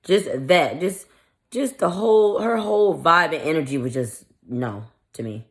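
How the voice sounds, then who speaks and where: A low-voiced woman vlogger speaks a little slowly while casually relating a story with blunt, irritated profanity. She's animated and acts out the quoted dialogue.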